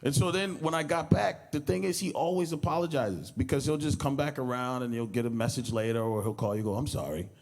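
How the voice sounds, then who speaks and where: A comedian delivers an informal eulogy at a memorial service in a brisk, slightly mellow, medium-pitched voice with few pauses. He rambles through anecdotes, acting out quoted lines and laughing as he talks.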